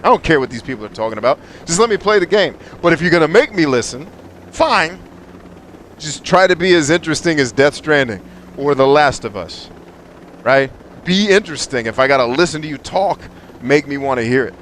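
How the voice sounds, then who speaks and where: A man's voice: fairly high pitch, animated, a little fast, a bit bright, a little hiss or hum. A young man streaming a game and ranting bluntly about stories, with plenty of profanity and strong opinions. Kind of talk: live game stream commentary.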